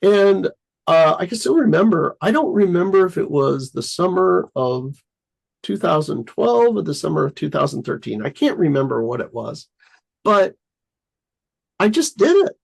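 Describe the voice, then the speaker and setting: Gravelly, husky man telling a story. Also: sits high, normal speed, rough recording. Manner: rambling, heavy on fillers, excitedly acts out his own thoughts. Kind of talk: casual conversation.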